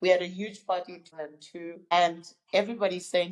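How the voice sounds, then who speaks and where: A woman's voice: on the low side, steady tone, quick pace, hardly any pauses, low-quality recording. A woman in her fifties from Zimbabwe, a guest recounting her life story in an interview and acting out the people she quotes. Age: 50s.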